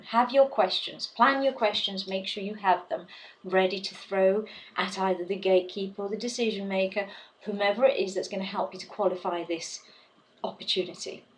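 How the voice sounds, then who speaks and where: A woman's voice: mid-range voice, a little hiss or hum, poor audio. A woman who trains salespeople, talking to camera in an advice video and stressing her points by repeating words. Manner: emphatic, repeats key words for effect.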